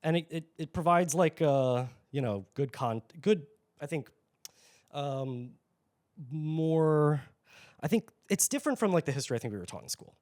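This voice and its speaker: A man's voice: on the high side, lively intonation, moderate pace, a little mellow. A man co-hosting a podcast, talking casually and hesitantly, with many fillers and trailing-off phrases. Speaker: podcast co-host. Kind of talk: casual chat.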